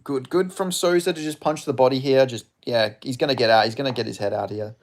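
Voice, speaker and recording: A man hosting a live fight watch-along, giving casual, profane commentary with sudden excited outbursts. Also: medium pitch, quick pace. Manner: excitable, swearing, bursts into loud reactions.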